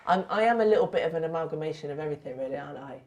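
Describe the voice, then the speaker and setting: Woman cohost w a little dorset twang, lively up and down voice, jokey banter. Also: low-pitched, highs cut off, a crowd in the background. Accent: slight Dorset English. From Dorset, England. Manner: quick interjections, playful banter. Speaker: podcast co-host. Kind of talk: casual chat.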